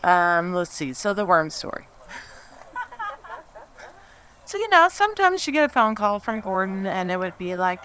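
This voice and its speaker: A woman speaks at a memorial with a bright, sharp tone, telling a story about a friend. She stops and restarts often. She laughs through her nerves and her grief. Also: medium pitch, sing-song, moderate pace, long pauses. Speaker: friend giving a eulogy. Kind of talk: memorial speech, personal anecdote. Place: memorial gathering.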